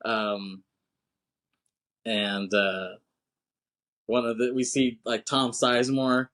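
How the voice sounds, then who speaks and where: A man's voice: medium pitch, level tone, slow, fairly bright tone. Man in rambling, profane podcast banter. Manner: rambling, profane, laughing often, acts out film lines. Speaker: podcast co-host. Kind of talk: casual film chat.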